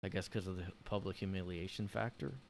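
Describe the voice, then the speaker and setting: A man's voice: low-pitched, brisk, vocal fry, slight background noise. A man hosting a casual solo podcast from his room, rambling and joking with lots of fillers. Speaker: podcast host.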